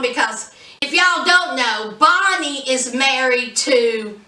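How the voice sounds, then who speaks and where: Chatty high-voiced woman reviewing a show. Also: slow, roomy sound, far from the mic. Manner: animated, chatty, addresses viewers directly. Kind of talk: casual recap vlog.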